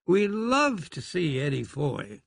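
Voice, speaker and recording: Male narrator voicing a keen lady pianist, slightly raised pitch, gravelly. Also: wildly swooping pitch, takes it slowly, fairly bright tone, dry recording, studio quality, exaggerated voice. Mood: eager. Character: eager woman stage pianist.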